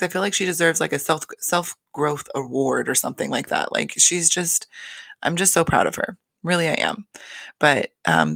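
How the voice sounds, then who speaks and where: Gravelly, gushing podcast host. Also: medium pitch, fairly bright tone, dry recording. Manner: gushing and profane, chatty and rambling. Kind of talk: casual reality TV recap podcast.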